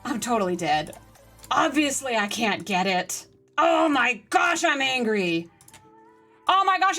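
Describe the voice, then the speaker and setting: A woman live-streaming a game, chatting with her viewers and getting excitable during play. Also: sits high, a little slow, over music. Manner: chatty, excitable, talks to chat. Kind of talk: live-stream gaming chat.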